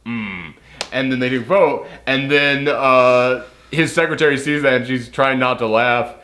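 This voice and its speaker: A man talks casually through a film review, rambling and leaning on fillers. His voice sits at an ordinary middle pitch. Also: fairly even intonation, normal speed, sharp tone, slight background noise. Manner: chatty, rambling with many fillers.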